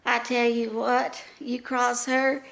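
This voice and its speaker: A woman acts out an elderly schoolteacher, long retired, who rambles through folksy stories in a high, gravelly voice. She takes her time with every word, drawling along at an unhurried pace. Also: level tone, a bit bright, exaggerated voice. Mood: rambling reminiscing. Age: older. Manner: rambling, folksy, gossipy storytelling. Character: elderly female retired first-grade teacher, frazzled and rambling.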